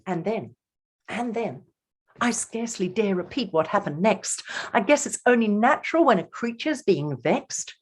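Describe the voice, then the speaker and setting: Lively woman reading a picture book. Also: medium pitch, moderate pace. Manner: animated, theatrical, talks directly to young listeners. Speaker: children's author and storyteller.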